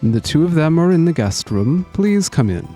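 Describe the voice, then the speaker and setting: A polite, deferential old butler, as a man puts him on while reading a game aloud, his voice pitched up and drawn out slowly. The tone stays dark and mellow even as the pitch swings widely, with faint music playing in the background. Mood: formal. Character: elderly male butler, formal and polite. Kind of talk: reading a visual novel aloud.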